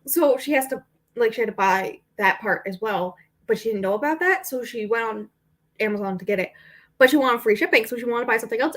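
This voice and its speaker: Chatty young woman, slightly high voice. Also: animated, fast. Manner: rambling and chatty, with frequent fillers and laughs. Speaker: book vlogger. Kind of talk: casual chat.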